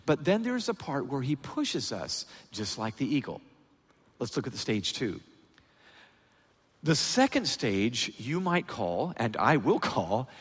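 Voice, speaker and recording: A man giving a sermon as a guest preacher, in a lively, animated preaching style with a husky voice. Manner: lively, animated preaching with big pitch swings. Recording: reverberant hall sound.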